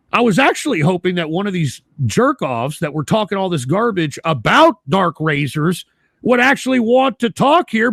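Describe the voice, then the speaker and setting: A man with a high, gravelly voice hosts a live stream in blunt, profane talk. He repeats himself and climbs into shouts when worked up. The sound is close and dry. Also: dry recording. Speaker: livestream host.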